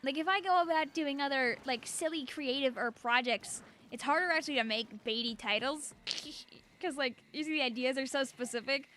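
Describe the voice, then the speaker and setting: A woman's voice: high-pitched, normal speed, pushed and bright, a little hiss or hum. A young woman streaming a game, chatting casually and bubbly, laughing often. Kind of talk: casual gameplay chat.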